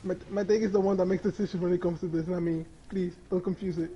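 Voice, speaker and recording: A man's voice: high-pitched, steady tone, fast talker, warm tone, lo-fi sound, a little hiss or hum. A man telling a story in casual chat on a stream, crude and rambling, laughing as he goes.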